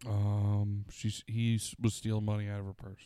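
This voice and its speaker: A man's voice: fairly low pitch, monotone, moderate pace, dark tone, no room sound, clean studio sound. A man co-hosting a casual podcast, joking and teasing in crude, profane banter. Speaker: podcast co-host.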